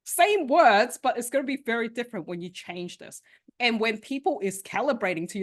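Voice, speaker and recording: Woman workshop coach, very expressive pitch, chatty, keeps asking "right?", over a video call. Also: brisk. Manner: animated, conversational, often asks "right?" and laughs. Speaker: sales and communication coach. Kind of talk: interactive online workshop teaching.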